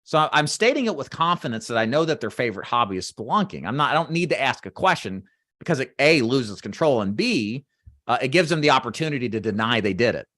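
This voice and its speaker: Lively-voiced male sales trainer. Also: medium pitch, no room sound, clean studio sound. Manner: demonstrates the script in a bright, brisk sales-call voice; talks straight to trainees, checks in with "right?" and "does that make sense?". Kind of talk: instructional walkthrough of a phone script.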